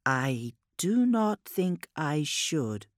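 A man voicing an eerie childlike warp entity that speaks through a boy, in a faint, slow, innocent whisper. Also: a little high, sing-song, no room sound, clean studio sound, voice pushed up, full character voice. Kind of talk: audiobook character voice.

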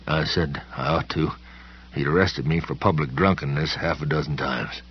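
Very deep husky male storyteller. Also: fairly even intonation, dull audio. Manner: slow, folksy storytelling with plain country grammar. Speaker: audiobook narrator. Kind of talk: first-person horror audiobook narration.

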